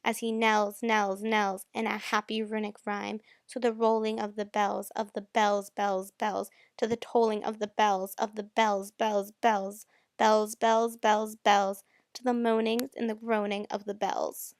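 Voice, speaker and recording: A woman giving a dramatic recitation of a poem, reading in a slow, measured way and pressing harder on the repeated words. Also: mid-range voice, little pitch movement, clear, resonant tone, dry recording, clean studio sound. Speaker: poetry reader.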